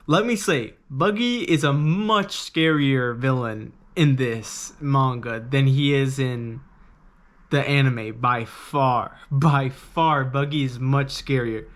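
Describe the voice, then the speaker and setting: A man casually reviewing a manga, rambling and excitable, with lots of fillers and swearing. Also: mid-range voice.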